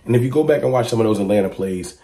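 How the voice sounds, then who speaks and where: A man giving casual fan commentary to camera, talking emphatically and asking a stream of rhetorical questions. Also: rapid-fire. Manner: rises to excited high-pitched exclamations when reacting to clips.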